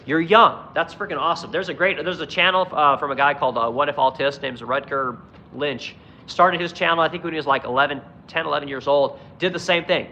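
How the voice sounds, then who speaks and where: Talking into his phone during a live stream, a man delivers an angry, profane political rant, swearing nonstop and bluntly responding to chat. His voice is slightly high with a sharp tone and a slightly quick pace. The audio sounds dull, with a bit of background noise.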